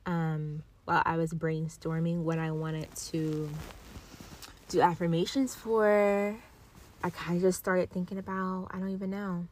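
A woman in her twenties hosts her own podcast in a loose, rambling solo chat, her voice sitting a little low. She sounds high, laid-back and giggly as she drifts from one thought to the next. The sound comes from a built-in device mic rather than a proper podcast mic. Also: little pitch movement, measured pace, a little mellow, slight background noise. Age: 20s. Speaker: podcast host.

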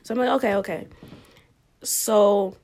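Young woman just chatting, storytelling, lots of likes and ums, medium pitch, laughs a lot. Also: a little slow. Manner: chatty, animated, laughs often, fillers like "like" and "um". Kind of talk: casual storytelling.

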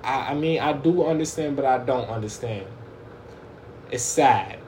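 A man's voice: mid-range voice, unhurried, a little mellow, roomy sound, slight background noise. Fervent man preaching straight to listeners. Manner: fervent, repeats and restarts words, talks straight to listeners. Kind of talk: informal online sermon.

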